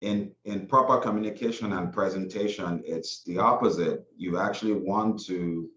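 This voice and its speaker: A man taking part in a lecture discussion, reasoning aloud in a measured way. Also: sits low, fairly bright tone. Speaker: lecture participant. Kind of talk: discussion contribution. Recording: echoey, dull lo-fi line with faint noise.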